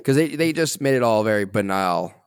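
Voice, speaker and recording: Low gravelly podcast host. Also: male voice, lively intonation, fairly quick, no room sound. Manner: wry, asks questions and moves the show along. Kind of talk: casual movie discussion.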